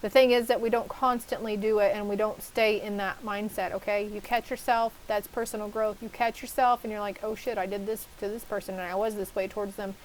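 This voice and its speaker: A woman's voice: mid-range voice, fairly even intonation, a little fast, hardly any pauses, a little hiss or hum, poor audio. A woman giving a casual tarot reading to her viewers, chatty and reassuring, with casual swearing and asides to herself. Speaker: tarot reader.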